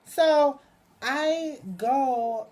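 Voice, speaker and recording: A young woman vlogger telling a dating story casually to camera, chatty and profane, full of filler words, getting animated when excited. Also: very slow. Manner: animated, swings high and loud when excited.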